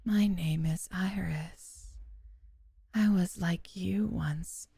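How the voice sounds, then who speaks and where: A woman's voice: low voice, flat delivery, warm tone, no room sound, full character voice. Iris, a woman whispering as an eerie girl. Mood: intimate. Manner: slow, breathy whisper. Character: mysterious barefoot girl, eerie and sweet. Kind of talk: whispered role-play.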